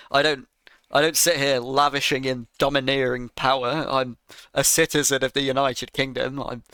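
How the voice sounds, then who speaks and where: A man's voice: mid-range voice, a bit bright, clean tone, no echo. A man giving a sarcastic, exasperated reaction rant to another creator's video.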